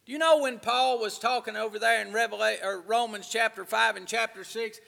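A man preaching a sermon, swinging between hushed asides and loud, drawn-out emphasis. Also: high-pitched, fairly even intonation, creaky, big-room sound. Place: church.

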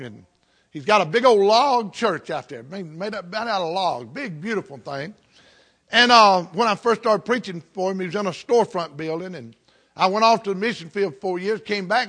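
A man's voice: sits high, pushed and bright. A middle-aged man from the Southern United States, preaching a sermon in a folksy storytelling way with country turns of phrase.

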